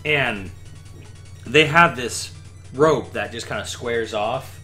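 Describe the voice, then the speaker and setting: A man's voice: mid-range voice, takes it slowly, bright, forceful tone, faint music behind. A young man in casual chat, telling a vacation story in a rambling, laid-back way full of fillers.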